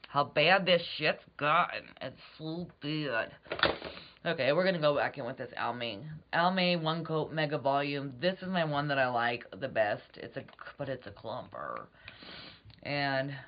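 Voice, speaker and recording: A woman rambling through a casual makeup tutorial, swearing freely and slipping into whispered asides. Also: rumbling low. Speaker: beauty vlogger. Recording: dull lo-fi recording.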